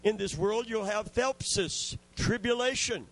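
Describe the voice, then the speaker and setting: A man's voice: high-pitched, measured pace, rough recording. A man preaching a sermon with fervent, call-and-response delivery, often calling for amens.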